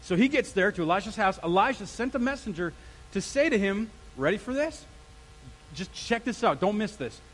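A male pastor preaching an energetic sermon, throwing questions out to the congregation. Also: high voice, moderate pace, rough recording.

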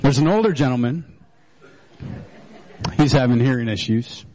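A man's voice: medium pitch, animated, moderate pace, a little mellow, rough recording. A male pastor preaching a sermon in a loose, joking storytelling way, with many fillers and restarts.

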